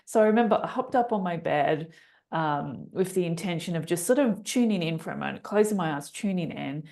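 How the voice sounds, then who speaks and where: A woman in a casual conversation telling a personal story, acting out her own thoughts with sudden jumps in pitch and bursts of laughter. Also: expressive, brisk, vocal fry, a little mellow. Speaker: podcast guest, business author.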